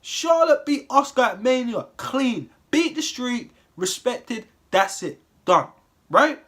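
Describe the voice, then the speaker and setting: A man's voice: extremely high pitch, very animated, slow pace, a bit bright. Exasperated man ranting. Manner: heated, exasperated, lots of swearing and rhetorical questions. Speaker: wrestling commentary vlogger. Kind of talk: profane ranting monologue.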